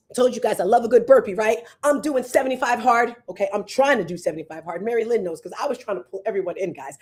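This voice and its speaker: A woman in her fifties hosting a show as a fitness coach, chatting casually and telling animated stories to her viewers. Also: on the high side, fast talker. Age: 50s. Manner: animated storyteller, acts out voices and exclamations.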